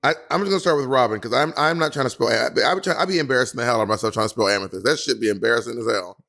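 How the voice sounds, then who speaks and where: A man co-hosting a loose comedy recap, rattling off his takes fast with plenty of swearing. He slips into sassy impressions of the people he is talking about. His voice sits at an ordinary pitch for a man. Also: gravelly. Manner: fast, animated, profane, switches into sassy quoted voices. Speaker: podcast co-host; touring comedian. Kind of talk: casual comedic recap chat.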